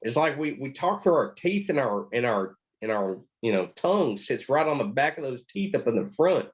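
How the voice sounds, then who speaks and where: A man's voice: mid-range voice, big pitch swings, normal speed, dull audio. A man with a Texan accent, co-hosting a podcast, telling rambling joking stories in casual chat. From Texas. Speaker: podcast co-host.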